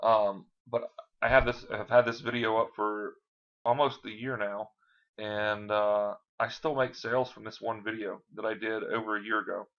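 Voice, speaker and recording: A man giving a casual, filler-heavy online sales pitch while showing his screen. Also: little pitch movement, moderate pace, muffled recording. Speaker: online marketing presenter.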